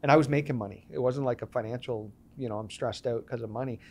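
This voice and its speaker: Guy on a podcast telling stories, mid pitch, acts out the dialogue. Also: fast. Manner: animated storyteller acting out quoted dialogue. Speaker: podcast guest. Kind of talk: storytelling interview.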